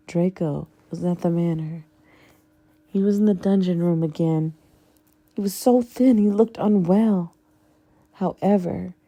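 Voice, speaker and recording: A woman narrating a fanfiction audiobook in a slow, measured storytelling way. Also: fairly low pitch, mellow.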